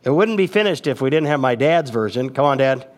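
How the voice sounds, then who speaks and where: A man in his fifties, a pastor, preaching a sermon with expressive, emphatic rises and asides. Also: mid-range voice, fairly quick. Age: 50s. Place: church sanctuary.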